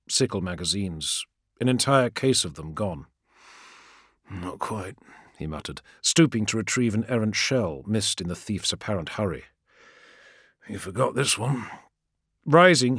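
A man narrating a story in a measured, dramatic storytelling manner. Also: lowish voice, expressive, fairly bright tone, slightly rough, no echo, studio quality. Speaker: audiobook narrator. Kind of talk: scripted narration.

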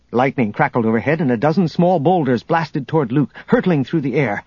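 A man narrating an adventure audiobook in a steady, measured storytelling manner, on a dull lo-fi recording. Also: mid-range voice, slightly rough, no room sound. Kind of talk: scripted narration.

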